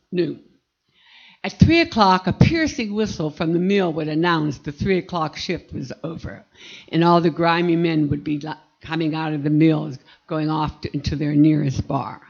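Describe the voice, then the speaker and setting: An older woman from Pennsylvania telling a personal story from her life, vivid and animated. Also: fairly low pitch, lo-fi sound. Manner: vivid, animated recollection with acted-out quotes.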